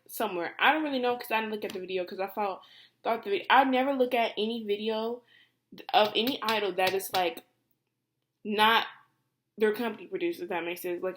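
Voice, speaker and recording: A young woman vlogger ranting casually to camera, animated and exasperated, with lots of fillers and free swearing. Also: mid-range voice.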